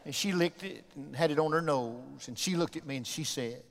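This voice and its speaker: A middle-aged man from the American South preaching a sermon as pastor, moving between soft, tender asides and loud shouted climaxes. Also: on the high side, a little fast, gravelly. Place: church sanctuary. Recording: long reverb of a church sanctuary.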